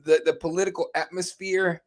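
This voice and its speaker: An easygoing man from Arizona co-hosts a casual podcast and reads out viewer comments. His voice sits slightly high, and he agrees readily and laughs often. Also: little pitch movement, fairly quick. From Arizona, USA. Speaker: podcast co-host reading live chat.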